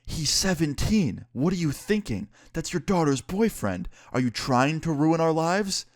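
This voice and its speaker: A man's voice: mid-range voice, animated, fast talker, dry recording, clean studio sound, pitched above the performer's own voice, close to an everyday voice. A man doing an exasperated stern dad. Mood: scolding. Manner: scolding, exasperated. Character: stern middle-aged father, exasperated.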